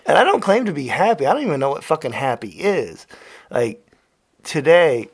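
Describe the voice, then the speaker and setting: A man hosting a podcast, rambling casually and swearing often, swinging from loud rants to quiet mutters. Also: fairly high pitch, sing-song, moderate pace, husky. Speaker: podcast host. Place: Los Angeles.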